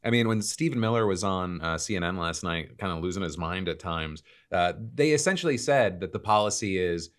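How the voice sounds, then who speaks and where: A man co-hosting a podcast, talking through news in a measured way with many fillers. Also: sits low, lively intonation. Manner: measured, thinking aloud with fillers. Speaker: podcast co-host. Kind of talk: casual news commentary.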